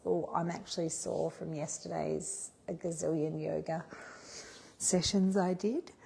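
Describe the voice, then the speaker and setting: A middle-aged woman coach, chatty and self-mocking, talking through purpose prompts and then gently guiding a yoga class. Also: on the low side, lively intonation, normal speed, vocal fry, husky. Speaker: yoga and body confidence coach. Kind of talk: talk and guided yoga class.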